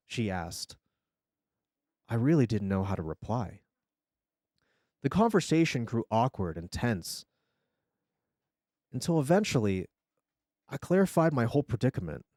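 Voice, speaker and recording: A man streamer reading a scary story aloud in an expressive storytelling manner. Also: mid-range voice, measured pace, pauses often, no room sound, clean studio sound.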